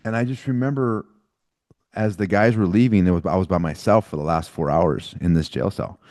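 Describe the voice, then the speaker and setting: A man hosting a conversational podcast, his voice low and dark. He tells stories bluntly and casually, swearing freely and tossing in slang. The sound is dry and close. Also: a little fast, no room sound. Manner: blunt and profane, casual slang like dude and bro. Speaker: podcast host. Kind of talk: candid conversational storytelling.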